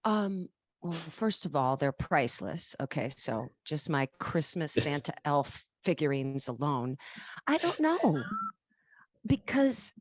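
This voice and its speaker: A woman's voice: big pitch swings, slow. A woman co-hosting a podcast in casual chat, talking playfully into a large studio microphone. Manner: chatty and playful, jumping pitch. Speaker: podcast co-host.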